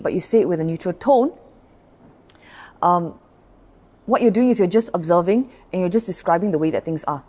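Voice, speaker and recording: A woman's voice: on the low side, moderate pace, long pauses, a little mellow. A woman pastor gives a livestreamed Buddhist dharma talk, explaining patiently and often checking in with her listeners. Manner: greets live viewers by name between points.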